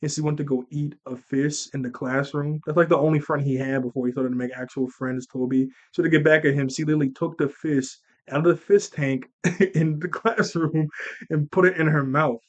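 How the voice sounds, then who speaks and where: A young man rambles through a casual recap of a childhood movie. He laughs often and jumps into the characters' lines. His voice sits a little high, and the recording sounds dull and lo-fi. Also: steady tone, brisk. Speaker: movie reviewer.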